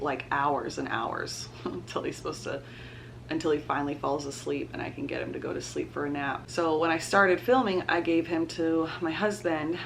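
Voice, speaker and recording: A woman's voice: low voice, creaky, a bit bright, slight background noise. A young woman, chatting casually to camera as a mom vlogger and laughing often.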